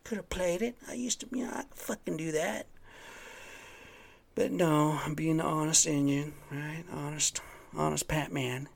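A man's voice: fairly high pitch, fairly even intonation, normal speed, vocal fry. A man hosting his own podcast, telling a rambling, profane story in a casual, worked-up way. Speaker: podcast host. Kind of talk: casual solo monologue.

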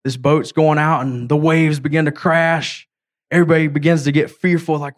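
A man preaching a sermon as an evangelist, retelling a story in casual words and reading scripture aloud with halting slips. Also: a little high, steady tone. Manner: storytelling, voicing characters in a casual way.

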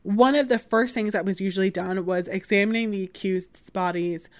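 A woman's voice: medium pitch, brisk. A woman around thirty hosting a history podcast, explaining in a casual, chatty way full of "like" and "um", with wry asides. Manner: chatty, many fillers like "like" and "um".

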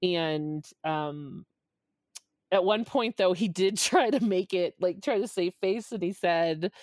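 A woman in her forties, a podcast guest, telling a story in a lively, laughing way and acting out the quotes. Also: takes it slowly, no room sound, clean studio sound. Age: 40s. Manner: lively, laughing, acts out quotes with big pitch jumps. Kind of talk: animated storytelling.

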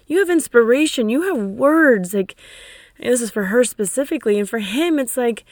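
A woman's voice: a little high, moderate pace, dry recording. Fired-up woman coaching listeners. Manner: energetic, emphatic, swears casually. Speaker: coach and podcast host. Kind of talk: motivational solo talk.

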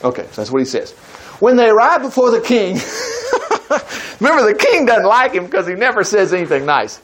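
A man preaching a sermon, retelling a Bible story in a folksy, animated way with frequent chuckles. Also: high-pitched, moderate pace, slight background noise.

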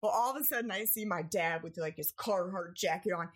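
A young woman in casual storytelling on a podcast, animated and acting out family members as she goes. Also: brisk. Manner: animated, acts out family members with big pitch jumps. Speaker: podcast co-host.

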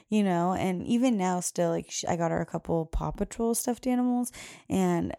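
A woman's voice: lowish voice, brisk, gravelly, dark tone. A young adult woman hosting a podcast, telling a casual story and quoting her little daughter in a raised voice. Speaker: podcast host.

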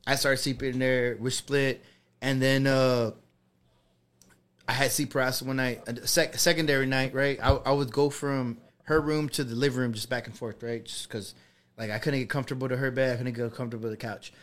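A man's voice: mid-range voice, flat delivery, brisk, a bit bright. A young man telling a personal ghost story on a podcast, rambling with lots of fillers and swearing. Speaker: podcast co-host. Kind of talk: casual storytelling.

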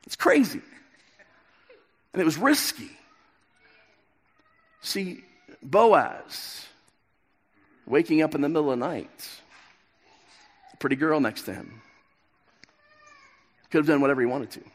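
Pastor in his thirties, high-pitched, animated storyteller, preaching in a big echoing hall. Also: slow, pauses often. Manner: storytelling, acts out the characters' lines. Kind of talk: sermon. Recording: long reverb of a large hall.

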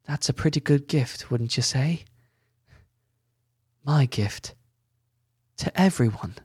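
A man's voice: medium pitch, slow, darkish tone, slightly rough, no room sound, clean studio sound. Guy playing a modest elf guy, earnest and kinda unsure, easygoing pace.

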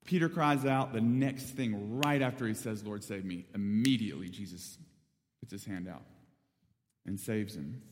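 A man from North Alabama tells a story in the middle of a sermon, chatty and animated. His voice sits at a middle pitch. Long reverb from a large hall trails after every phrase. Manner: casual, animated storyteller with many fillers. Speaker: preacher.

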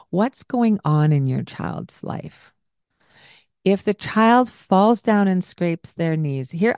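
A woman with a fairly low voice tells a parenting story in a relaxed podcast style. She acts out both sides of the conversation with lively energy. The sound is dry and close, with no room echo. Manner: animated, acts out what she and the child said. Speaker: podcast host and childcare provider. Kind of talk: casual storytelling with parenting advice.

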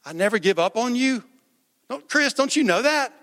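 A preacher doing a gentle, earnest Jesus who speaks to a worried believer in a pleading, reassuring way. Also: male voice, extremely high pitch, animated, normal speed, in a large hall, pitched above the performer's own voice. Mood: tender reassurance.

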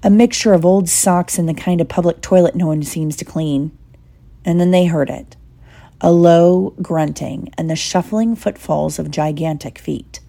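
A woman reading an audiobook in a steady, measured storytelling voice. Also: lowish voice, gravelly. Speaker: audiobook reader. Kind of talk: audiobook narration.

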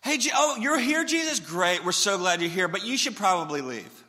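A man's voice: high voice, lively intonation, moderate pace, pushed and bright, big-room sound, pitched above the performer's own voice. A man voicing a sarcastic brother who needles his sibling with fake friendliness. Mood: mock-friendly. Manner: mock-cheerful, needling.

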